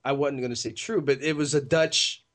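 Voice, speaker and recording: A man's voice: fairly high pitch, fairly even intonation, moderate pace, a bit bright. A man co-hosting a paranormal talk radio show, chatting casually, enthusiastic and effusive, often tossing in "man.".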